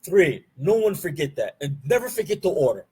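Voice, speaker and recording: A man teaching an online Arabic grammar class. He asks the class questions and answers them himself, drills key terms slowly and mixes Arabic terms into his English. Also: fairly high pitch, big pitch swings, mellow, slightly rough. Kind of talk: live online class lecture.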